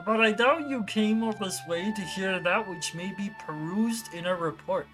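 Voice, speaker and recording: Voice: medium pitch, moderate pace, music in the background, natural voice. A streamer doing Kermit, nasal and bouncy. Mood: earnest. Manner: nasal up-down lilt at sentence ends. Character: cheerful male frog puppet, nasal and bouncy. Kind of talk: reading game dialogue in a put-on voice.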